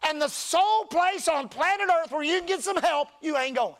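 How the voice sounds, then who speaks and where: A man with a very high voice preaches to his church, moving between quiet talk and loud shouting. He calls out for the crowd to repeat words after him. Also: normal speed. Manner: preaching, often rising to shouts with crowd call-and-response. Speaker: pastor. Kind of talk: sermon. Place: church service.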